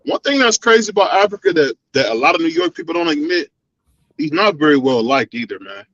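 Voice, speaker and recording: Bright, teasing man on a dry lo-fi line. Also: a little high, animated, fairly quick. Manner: teasing, playful. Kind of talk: casual teasing chat.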